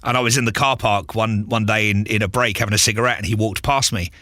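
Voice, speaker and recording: Radio guy, bright forceful voice, dry close sound, animated storyteller who laughs a lot. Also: lowish voice, fast talker, no room sound. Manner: animated, laughs often, acts out quotes. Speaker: radio presenter, podcast guest. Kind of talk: casual interview storytelling.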